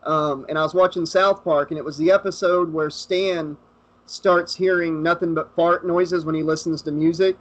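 A man's voice: on the high side, steady tone, normal speed, fairly bright tone. A man hosting a casual podcast chat, joking and swearing in a laid-back way. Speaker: podcast host.

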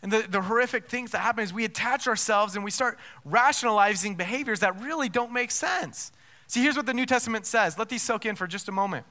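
A man's voice: sits high, fast talker, pushed and bright. A man preaching a sermon as pastor, emphatic, with rhetorical questions and frequent restarts.

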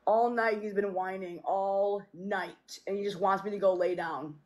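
A woman's voice: medium pitch, a little mellow. Woman coaxing her cat. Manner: coaxing, repetitive, talks to her cat like a baby. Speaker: vlogger talking to her cat. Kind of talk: casual vlog.

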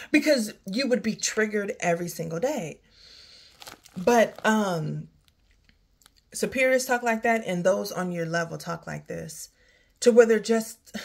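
A woman vlogger speaks candidly outdoors near her home as rain begins, sighing often and drifting from work troubles to faith. Her voice is mid-range with vocal fry.

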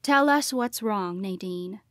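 A woman's voice: medium pitch, expressive, slow, fairly bright tone, no echo, studio quality. A woman voicing a concerned middle-aged father who speaks steadily and reassuringly.

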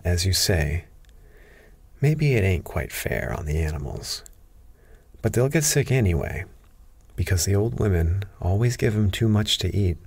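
A man voicing a shifty, wheedling cat's-meat seller who talks in rough common speech. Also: sits low, darkish tone, no echo, heavily acted.

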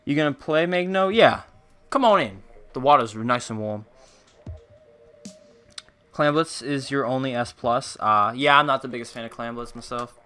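A man streaming a game live, chatting casually with viewers and teammates, excitable and humming along. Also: medium pitch, moderate pace, pauses often, soft background music. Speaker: gaming streamer.

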